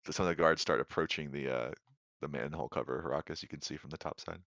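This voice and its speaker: A man with a very low, rumbling voice narrates a tabletop role-playing game as dungeon master. He talks in a loose, rambling way full of ums and uhs. The sound is dry and a little dull, like a lo-fi stream mic. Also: fairly even intonation, quick pace, vocal fry, fairly bright tone, no room sound. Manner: rambling, filler-heavy, laid-back.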